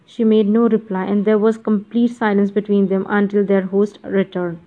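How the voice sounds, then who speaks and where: A woman narrating a literary novel as an audiobook, in a measured, even reading, muffled audio. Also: mid-range voice.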